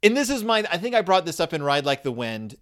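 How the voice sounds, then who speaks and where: A man tells a story with comedic sarcasm, his voice sitting a little high. His pitch swings widely as he riffs and slips into brief character impressions. The delivery is lively and conversational. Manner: animated, sarcastic, acts out characters in quick asides.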